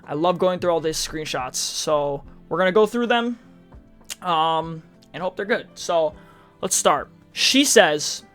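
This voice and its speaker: A man's voice: a little high, a little slow, a bit bright, clear, resonant tone, soft background music. Chatty man mocking reddit posts. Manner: chatty, sarcastic asides; reads posts aloud in a mocking tone. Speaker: streamer. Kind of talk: casual reddit reaction commentary.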